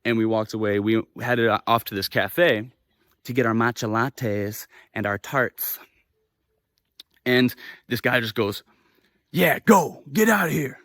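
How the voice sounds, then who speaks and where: A young man telling a story in a casual vlog, animated and swearing freely as he acts out the quoted voices. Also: on the low side, unhurried, clean tone, dry recording. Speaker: vlogger. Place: living in Japan.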